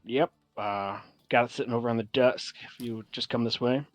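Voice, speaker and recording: A man's voice: mid-range voice, steady tone, fairly quick, no room sound, natural voice. A man voicing a weary, polite male guild mentee who speaks in a subdued way.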